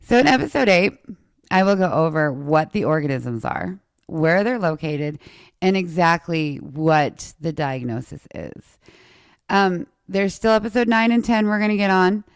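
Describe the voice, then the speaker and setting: A woman hosting a podcast, telling a personal story in casual chat with an animated, sarcastic manner. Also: fairly low pitch, a little slow, clean tone, no echo, studio quality. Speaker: podcast host.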